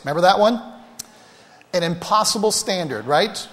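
Speaking at a moderate pace in a slightly high voice, a man delivers a sermon as pastor, and the hall gives the sound a lot of reverb. He addresses the congregation directly, sharing personal stories with casual, self-deprecating humor.

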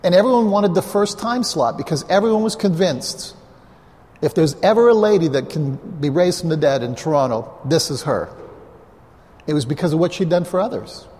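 A man's voice: a little high, animated, moderate pace, a little mellow. A man, a pastor, telling a story in a conversational sermon with asides to the congregation, on a clip-on mic. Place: church hall, live before a congregation. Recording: long reverb of a large hall.

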